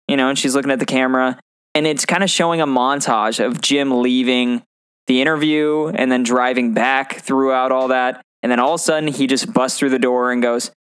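A man's voice: mid-range voice, normal speed, fairly bright tone, clean tone, no echo, studio quality. A man co-hosting a podcast, chatting casually and animatedly, laughing often as he retells favorite TV scenes. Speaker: podcast co-host. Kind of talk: casual chat.

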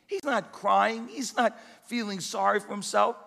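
A pastor preaching a sermon with emphatic, repeated exhortations in a church. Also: male voice, high-pitched, steady tone, unhurried, vocal fry, fairly bright tone, big-room sound.

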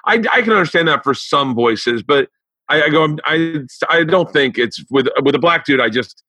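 A man's voice: fairly high pitch, lively intonation, normal speed, bright, forceful tone, dry recording. A man hosting a podcast, chatting casually with lots of swearing and stammered restarts. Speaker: podcast host. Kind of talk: casual interview chat.

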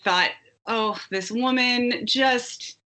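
A woman co-hosting a podcast, speaking in a measured, deliberate way. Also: a little high, sharp tone. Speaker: podcast co-host. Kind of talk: casual chat.

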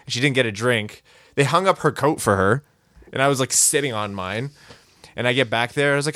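A man co-hosting a casual podcast, telling stories in an animated, comic ranting way. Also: mid-range voice, brisk, no echo. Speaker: podcast co-host. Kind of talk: casual sports podcast chat.

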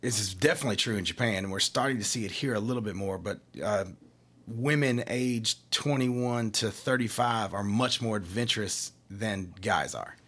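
A man from Kentucky talks about craft beer for his brewery in a relaxed, chatty way. His voice is husky and sits fairly low. He explains things with analogies and little acted-out quotes. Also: normal speed. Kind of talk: casual chat.

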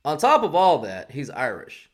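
A man's voice: on the high side, wildly swooping pitch, normal speed. A man co-hosting a podcast, riffing sarcastically in crude casual banter. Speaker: podcast co-host.

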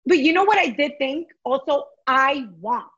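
A woman's voice: high voice, expressive, moderate pace, fairly bright tone. A woman co-hosting a podcast, talking emphatically in casual chat and laughing often. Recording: dull lo-fi sound.

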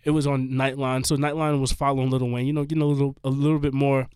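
A man hosting a podcast in casual chat, rambling and emphatic with many restarts, his voice a little hoarse. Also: mid-range voice, little pitch movement, quick pace, a little mellow, no echo. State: slightly hoarse. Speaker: podcast host.

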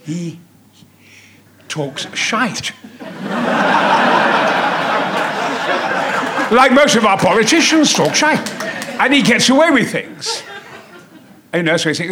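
A man in his seventies telling a stage anecdote as a guest, booming and theatrical and swearing freely. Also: sing-song, takes it slowly, long pauses, background noise.

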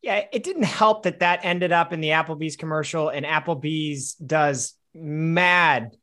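A podcast co-host chatting casually in a relaxed, wry manner. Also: mid-range voice, measured pace. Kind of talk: casual chat.

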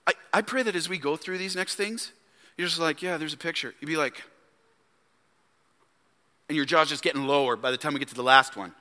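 A man preaching a sermon as pastor, emphatic, swinging between loud declarations and hushed low asides. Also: a little fast, pauses often, in a large hall. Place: church sanctuary.

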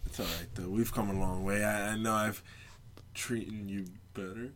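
A young man trading banter as a guest, swearing freely with quick comebacks. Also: lowish voice, steady tone, fairly bright tone, a little hiss or hum. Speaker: guest, host's brother. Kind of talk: casual banter.

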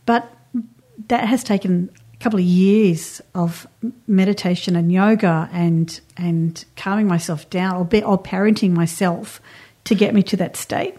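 A woman talks through health and astrology advice in an earnest, direct way, as if to a listener at home. Her voice is mellow and soft-edged, pitched in the middle. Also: steady tone, unhurried. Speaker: astrology and wellbeing guest. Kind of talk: casual advice chat.

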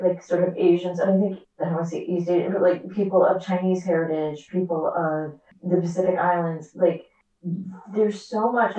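Distant echoey woman, animated actor guest. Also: lowish voice. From America. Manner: animated, quick asides, acts out quoted dialogue. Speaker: actor and author, podcast guest. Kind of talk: candid interview conversation. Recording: echoey, distant, dull remote audio.

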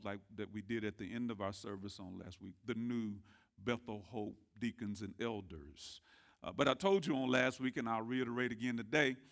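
A man preaching a sermon as pastor, calling on the congregation to answer back and swinging from quiet murmurs to loud rising shouts. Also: lowish voice, gravelly. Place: church sanctuary.

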